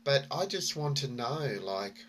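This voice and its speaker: A man's voice: medium pitch, big pitch swings, unhurried, fairly bright tone, a little hiss or hum. A man vlogging, telling a story and reflecting in a rambling way with many fillers and restarts.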